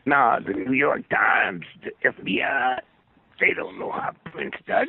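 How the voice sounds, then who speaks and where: A man's voice: medium pitch, lively intonation, unhurried, vocal fry, slightly rough, no echo. An older man holding forth as a guest, preaching in long rambling stories and asking his listener for agreement. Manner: preachy, asks "Hmm?" for agreement. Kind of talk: rambling storytelling monologue. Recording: phone-line radio call.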